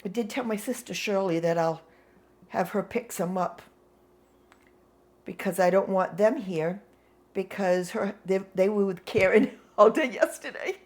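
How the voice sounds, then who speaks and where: A woman's voice: mid-range voice, unhurried. A woman, telling a story casually at home and laughing often. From New England. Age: 60s. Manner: excitable, laughs often, exasperated humor. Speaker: vlogger.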